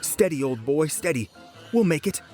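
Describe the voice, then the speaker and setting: A man's voice: fairly high pitch, animated, moderate pace, dark tone, soft background music, voice pushed up, close to an everyday voice. Brief: cheerful brave boy hero, raised voice, by a male narrator. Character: brave resourceful young boy adventurer.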